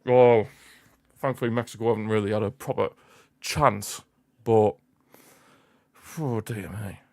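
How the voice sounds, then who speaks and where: Young male streamer, slightly low voice, nervy live match commentary full of exclamations. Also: brisk, vocal fry. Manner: anxious, pleading, exclamatory. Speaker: streamer hosting a football watchalong.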